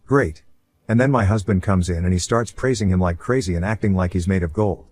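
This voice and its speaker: A man's voice: deep voice, quick pace, darkish tone. A man reading a first-person online story aloud in a casual, conversational way. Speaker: story narrator.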